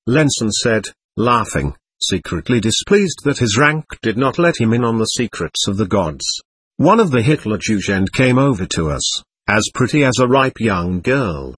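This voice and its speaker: A man narrating a war novel in the first person, in expressive, measured storytelling. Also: mid-range voice, breathy edge, no room sound. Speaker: audiobook narrator.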